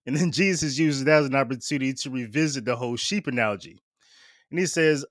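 This preacher has a medium-pitched voice and a quick pace, captured dry and clean in a studio. His homily is loose and chatty, packed with fillers, laughs, and repeated "right?" check-ins with his listeners.

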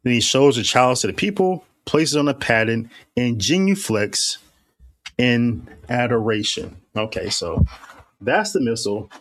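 A man's voice: medium pitch, lively intonation, a bit bright, no echo. A man reading the words of the Mass aloud and commenting on them in a critical, casual way. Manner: reads liturgy slowly and deliberately, then comments casually.

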